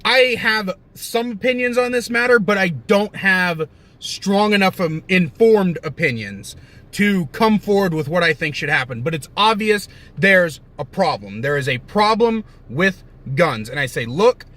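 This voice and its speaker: Young guy ranting and swearing, high voice that jumps around a lot, sarcastic, corrects himself as he goes. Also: animated, a little slow, pushed and bright. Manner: profane, heated, sarcastic; rambling with self-corrections. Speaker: commentator. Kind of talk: ranting commentary.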